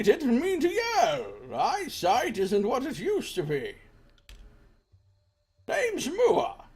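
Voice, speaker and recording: A man voicing a cranky, stubborn old male villager who is hard of sight, in a high, slow, indignant voice. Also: gravelly, heavily acted.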